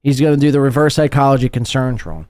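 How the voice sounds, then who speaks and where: A man's voice: medium pitch, fast, a little mellow, dry recording. A man hosting a podcast, mocking and sarcastic as he reacts to a played clip. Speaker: podcast host.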